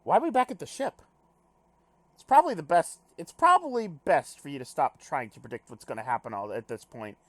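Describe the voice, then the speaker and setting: A man playing a game on video, reading its text aloud with casual commentary, animated and swearing casually while joking at himself. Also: a little high, a little fast, no room sound. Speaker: let's play gamer.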